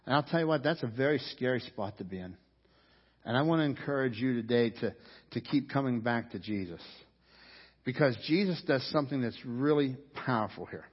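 A man's voice: mid-range voice, a little fast, husky. A man preaching a sermon as pastor, earnest and conversational, repeating his key points for emphasis. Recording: dull lo-fi audio with long hall reverb.

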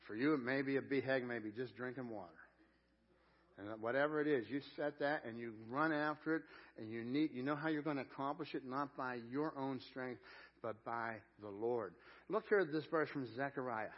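A male pastor giving a sermon, building to loud emphatic peaks and repeating words as he speaks. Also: mid-range voice, normal speed, lo-fi sound. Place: church sanctuary.

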